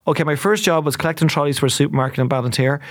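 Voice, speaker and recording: Fast-talking Irish man, animated storyteller. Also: fairly high pitch. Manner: animated, rapid storytelling with voiced asides. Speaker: comedian guest. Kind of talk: casual chat.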